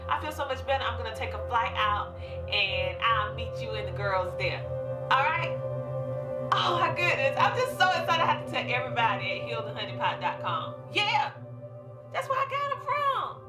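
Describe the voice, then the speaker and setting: A woman's voice: fairly high pitch, normal speed, echoey room, voice pushed up. A woman playing a giddy young female customer gushing on a phone call in a comic ad sketch, over music. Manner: squealing, gushing, breathless excitement. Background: loud music.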